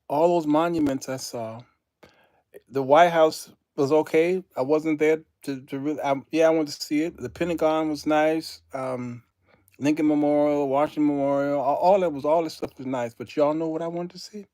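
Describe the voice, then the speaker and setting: Studio-quality and echo-free, this recording features a man whose voice sits on the high side. Hosting a laid-back live stream, he tells animated stories, laughs frequently and addresses his viewers as y'all.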